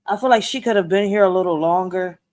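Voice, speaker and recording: A woman's voice: lowish voice, fast, a little mellow. A woman hosting a reaction video, chatting in a slangy, casual way straight to her viewers.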